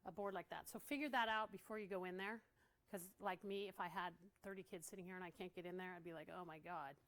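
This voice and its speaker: A woman's voice: mid-range voice, steady tone, fast, fairly bright tone. A woman giving a casual training talk to art teachers, chatty and laughing often as she acts out what kids say.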